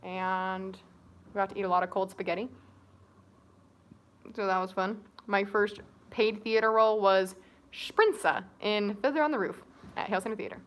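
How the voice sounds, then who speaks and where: A woman's voice: mid-range voice, steady tone, moderate pace, pauses often. A young woman co-hosting a casual livestream, chatting with viewers and giving audition tips. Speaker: co-host of a family livestream. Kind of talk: casual live-stream chat.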